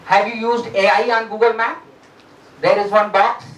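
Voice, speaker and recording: A professor from India delivers a university lecture. They quiz the students and hesitate on fillers. The voice sits at an ordinary middle pitch and sounds distant, captured in a roomy lecture hall. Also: steady tone, moderate pace, fairly bright tone. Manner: addresses students with rhetorical questions, frequent fillers. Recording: roomy echo, distant mic.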